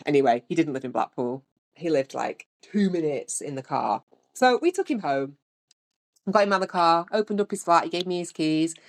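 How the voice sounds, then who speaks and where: A woman's voice: deep voice, moderate pace. A woman, hosting a podcast and telling a story in a chatty way. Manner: chatty, with lively voiced-out quotes. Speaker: podcast host. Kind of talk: casual storytelling.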